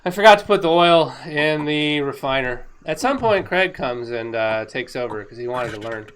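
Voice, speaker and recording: A woman talking casually over her own gameplay footage, excitable and rambling, laughing often. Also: extremely low pitch, normal speed, a little hiss or hum. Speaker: gaming video creator.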